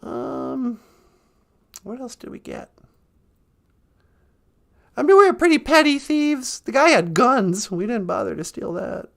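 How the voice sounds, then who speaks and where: Woman host spinning a funny story, high lively voice, bit of gravel, laughs a lot. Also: measured pace, long pauses. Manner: chatty, laughs a lot, acts out quotes. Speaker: podcast host. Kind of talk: comic storytelling. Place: outdoors by a lake.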